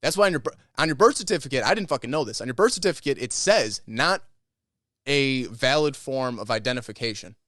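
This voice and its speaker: A man's voice: mid-range voice, animated, a little fast, fairly bright tone, no room sound, clean studio sound. A man co-hosting a podcast, telling a story in a rambling, profane, casual way. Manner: rambling, profane retelling of a conversation. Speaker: podcast co-host.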